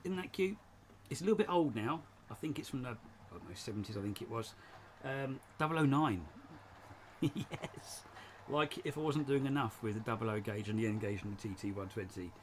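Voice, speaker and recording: A man hosts a casual live stream from his home shed, rambling chattily and often laughing as he talks. His mid-range voice moves fairly quickly, with slight background noise.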